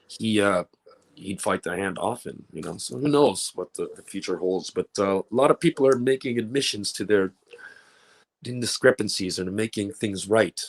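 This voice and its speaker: A man from Canada talks candidly as a guest on a panel. His voice sits a little low, and he jokes freely, often restarting his sentences. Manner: candid, joking, many restarts. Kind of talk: panel discussion.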